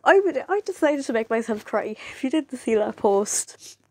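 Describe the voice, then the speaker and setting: Here a young female vlogger talks to the camera at a fairly high pitch and normal speed, with no echo. It's a rambling, "like"-heavy chat that keeps leaping into excited quoted voices.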